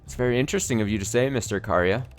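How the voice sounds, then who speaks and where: A man's voice: mid-range voice, rapid-fire, faint music behind, pitched above the performer's own voice, close to an everyday voice. A man voicing a smug, sly male prosecutor in a game, questioning in a mocking, theatrical way. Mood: needling.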